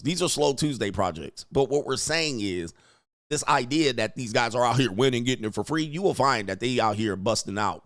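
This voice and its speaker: A man's voice: mid-range voice, a bit bright, no echo, studio quality. A middle-aged man hosting casual commentary, brash and crude, laughing often. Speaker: host. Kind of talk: casual commentary reacting to clips.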